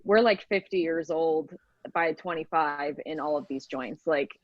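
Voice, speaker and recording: A woman's voice: sits low, unhurried, no echo, highs cut off. A woman who is a dancer and personal trainer, speaking frankly and easily as a podcast guest. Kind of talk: casual podcast interview.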